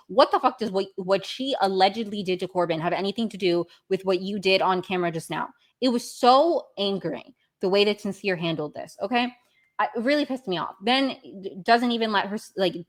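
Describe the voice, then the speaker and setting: A woman's voice: mid-range voice, expressive, a little fast. A young woman hosting a podcast, recapping a reality show in a rambling, self-correcting way, with exasperated outbursts. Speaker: podcast host.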